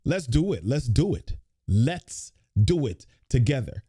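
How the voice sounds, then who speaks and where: A man's voice: mid-range voice, very animated, unhurried, mellow, slightly rough. A man hosting a morning motivational live stream, greeting viewers by name and leading them through repeated affirmations with energy. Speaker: host of a motivational live show.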